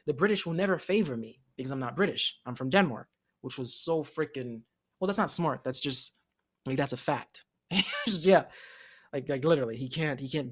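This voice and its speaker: A man's voice: medium pitch, a bit bright. A man co-hosting a casual anime discussion podcast, talking animatedly, laughing often and acting out the characters' lines. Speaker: podcast co-host.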